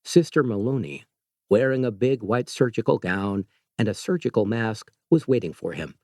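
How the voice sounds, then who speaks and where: A man narrating an audiobook in a measured, steady reading. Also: lowish voice, no room sound, clean studio sound.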